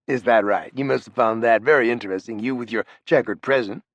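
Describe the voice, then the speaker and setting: A man voicing a brash, profane, big ex-criminal in an audiobook, loud and needling, his pitch jumping up. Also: fairly quick, dry recording, highs cut off, lightly acted. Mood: mocking. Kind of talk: audiobook character voice.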